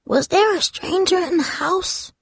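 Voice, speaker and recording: A woman voicing a frail old grandmother with a hoarse, wavering voice in a storybook reading. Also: extremely high pitch, measured pace, no room sound, voice pushed up, exaggerated voice. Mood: anxious.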